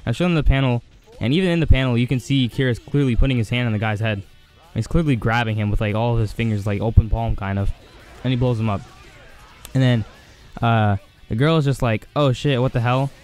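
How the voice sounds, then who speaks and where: Dude rambling through an anime recap, all hyped up, lots of uh and like, mid-pitch voice, faint music behind. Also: male voice, a little fast. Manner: rambling and excited, heavy on fillers. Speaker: anime reviewer. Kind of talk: casual episode recap.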